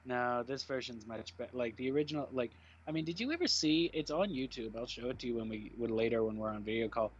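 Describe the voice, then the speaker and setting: A man's voice: mid-range voice, expressive, fast talker, few pauses, breathy edge, muffled recording. A young man chatting casually on a stream, rambling and opinionated. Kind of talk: casual chat.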